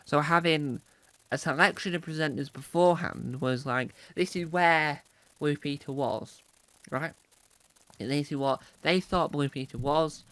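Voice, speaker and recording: Vlogger, rambling casual commentary, mid pitch, restarts a lot, dry close mic. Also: no echo. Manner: rambling with many restarts and sudden loud emphasis.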